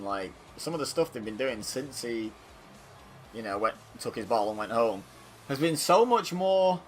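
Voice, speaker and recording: Bright-voiced Salford lad commentating. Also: male voice, medium pitch. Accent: Salford, Greater Manchester. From England. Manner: chatty and animated, rambling asides. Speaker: gaming channel host. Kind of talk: video game wrestling commentary.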